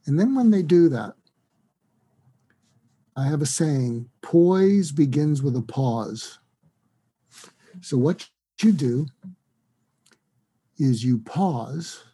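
A man, a psychiatrist, explaining a technique as an interview guest, animated and acting out bits of sample dialogue. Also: a little high, breathy edge.

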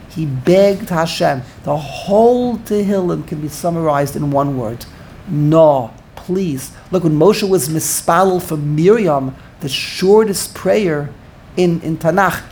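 An older man teaching an informal Torah class, animated, repeating words and searching for the right word. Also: a little high, unhurried, a little hiss or hum.

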